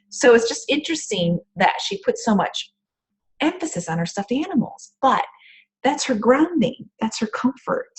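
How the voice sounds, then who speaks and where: Chatty husky-voiced woman coach. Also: lowish voice, normal speed. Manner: chatty, rambling, with frequent "um" fillers. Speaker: empath coach. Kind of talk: casual advice talk on a group call. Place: home office.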